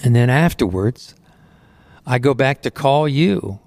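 A man's voice: mid-range voice, expressive, measured pace, darkish tone, dry recording. A middle-aged man, a Christian singer, earnestly tells his testimony in a conversational way, often saying "you know", on a close studio microphone. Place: recording studio.

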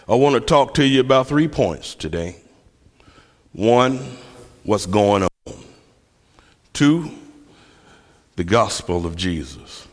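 A man's voice: lowish voice, animated, slow pace, long pauses. Preacher, man, telling stories with a self-mocking humor; long hall reverb around him. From Memphis, USA. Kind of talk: sermon.

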